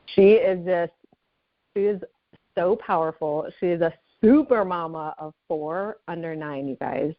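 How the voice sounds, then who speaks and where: A woman's voice: fairly low pitch, unhurried, dry recording, muffled recording. A woman hosting a team call, bubbly and enthusiastic as she thanks and introduces speakers. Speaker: call host.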